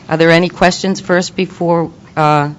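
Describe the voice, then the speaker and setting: Low-voiced woman with a Boston accent. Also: slight background noise. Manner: reads formal recommendations aloud, with many fillers. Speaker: subcommittee co-chair. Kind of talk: committee meeting report. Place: meeting room.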